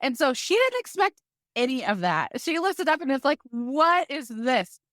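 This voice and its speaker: A woman guest on a podcast telling a personal story in a lively way, full of "like" fillers. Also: high-pitched, fairly quick, dry recording, clean studio sound. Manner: lively, vivid retelling with many fillers like "like".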